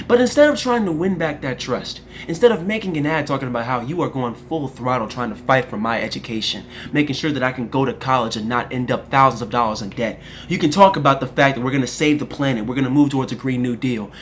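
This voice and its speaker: Young adult commentator, furious profane political rant, wildly swinging pitch. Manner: indignant, profane, emphatic.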